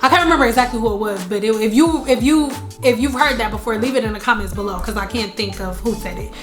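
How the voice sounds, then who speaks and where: A woman with a fairly high voice gives a casual spiritual talk to camera. She is emphatic, repeats her lines for stress and tells stories with energy. Soft music plays faintly behind her. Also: fast talker. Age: adult, married. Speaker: spiritual vlogger.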